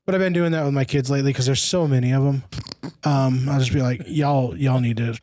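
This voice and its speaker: A man's voice: medium pitch, fast, darkish tone, no room sound. A man in his thirties co-hosting a casual podcast, talking with dry, self-mocking humor close to a studio mic. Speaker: podcast co-host. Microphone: studio microphone up close.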